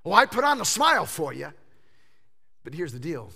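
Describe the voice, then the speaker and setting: Animated fifty-something male preacher, bright voice. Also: normal speed, vocal fry, husky. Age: 50s. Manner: animated preaching, swinging from hushed lows to loud exclamations; stammers and repeats words when emphatic. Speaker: pastor. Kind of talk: sermon.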